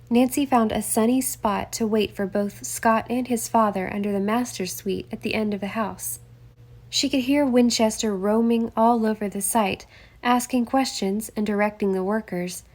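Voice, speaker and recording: A woman narrating a mystery novel chapter as an audiobook reader. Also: mid-range voice. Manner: steady storytelling. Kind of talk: scripted narration.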